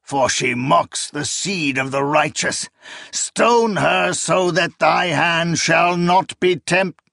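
A hoarse old priest, as a man puts him on, booming and pitched well above the reader's own voice, bellowing accusations in a dry, close recording. He rants scripture with loud, zealous cruelty, like a figure from a read-aloud storybook. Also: animated, unhurried, no room sound, exaggerated voice. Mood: ranting. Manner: shouting, ranting scripture.

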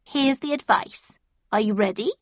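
A woman's voice: on the high side, normal speed, no echo, lo-fi sound, close to an everyday voice. A grinning sly cat, as a woman puts him on. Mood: playful. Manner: grand, playful. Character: sly grinning male cat, impartial and knowing.

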